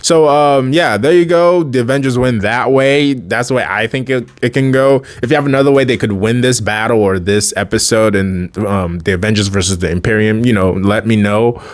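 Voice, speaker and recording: A man's voice: mid-range voice, moderate pace, hardly any pauses. Rambling man giving casual fan commentary. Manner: rambling, self-correcting, chuckling. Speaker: fan video creator.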